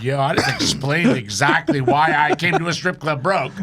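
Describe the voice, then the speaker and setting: A man's voice: medium pitch, unhurried, sharp tone. A young man telling a wild story on a comedy podcast, acting out quotes and swearing freely. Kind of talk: casual storytelling.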